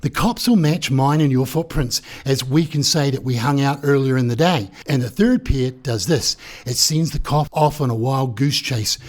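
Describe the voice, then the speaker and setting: A man's voice: medium pitch, lightly acted. Man playing a condescending young schemer who lectures his sidekick, comic crime story. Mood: smug. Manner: condescending, explaining slowly, snapping into a yell. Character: smug scheming young man called Genius.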